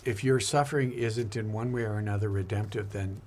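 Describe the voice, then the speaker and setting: A man's voice: on the low side, fairly even intonation, a little fast, a little mellow, slight background noise. A man, a priest, talking earnestly and reflectively in a casual faith conversation, often repeating his words.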